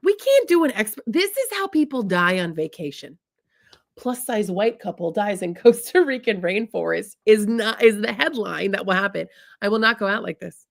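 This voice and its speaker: A woman's voice: mid-range voice, expressive, normal speed, creaky. A woman from the US Midwest telling a funny personal story in a chatty, comic way, often calling her listeners "y'all". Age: adult, married. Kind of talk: humorous storytelling talk.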